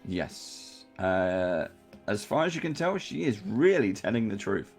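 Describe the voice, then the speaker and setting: A man running a tabletop game, describing a scene in a low, even voice with the odd hesitation. Faint music plays in the background. He narrates rather than performs. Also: unhurried, creaky. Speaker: game master.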